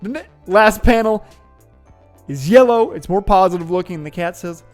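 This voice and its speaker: Upbeat, joking high-voiced man. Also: lively intonation, normal speed, soft background music. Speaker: host. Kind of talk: casual vlog commentary.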